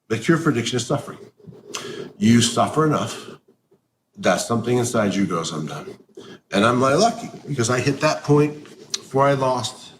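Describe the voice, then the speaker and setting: A man giving a candid interview answer about recovery, blunt and salty with his language. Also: fairly low pitch. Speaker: interview guest. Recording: roomy echo with faint background noise.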